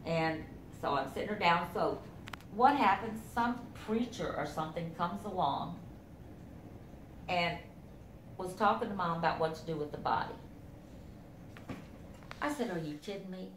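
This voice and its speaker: Halting middle-aged woman telling family stories. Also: lowish voice, expressive, echoey room, a little hiss or hum. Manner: halting, full of fillers, acts out quotes. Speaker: family member telling memories. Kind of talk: casual family storytelling.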